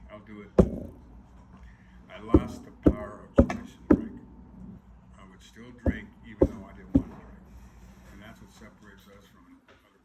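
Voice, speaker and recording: Blunt, cussing man telling his story. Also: lowish voice. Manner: blunt and profane, with loose asides and chuckles. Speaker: AA speaker. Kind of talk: recovery talk sharing his story. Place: meeting room. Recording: noisy room recording.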